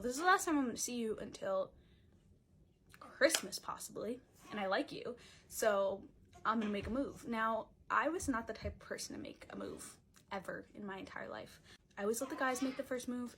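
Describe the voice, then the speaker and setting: A young woman recounts a story in a casual storytime vlog, chatty and dramatic, packing her animated retelling with "like" fillers. Her voice is mid-range, with slight background noise.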